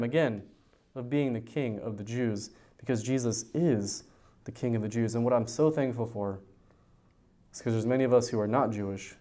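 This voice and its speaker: A man preaching a verse-by-verse sermon as a youth pastor, animated, swinging from loud high emphasis to low quiet points, often repeating words as he starts a sentence. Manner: animated, rises in pitch and volume for emphasis, drops low on key points.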